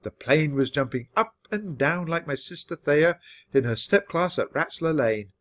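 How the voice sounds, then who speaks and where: A man narrating a children's chapter book, expressive and clearly paced for English learners. His voice sits slightly on the higher side. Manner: expressive, measured reading. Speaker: storybook reader. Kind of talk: read-aloud children's story for learners.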